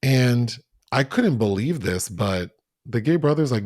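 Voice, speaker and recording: A man's voice: mid-range voice, measured pace, dry recording, studio quality. A man co-hosting a podcast, recapping a TV drama in casual, profane chat and acting out the scenes with gusto. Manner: animated, profane, acts out scenes. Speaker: podcast co-host.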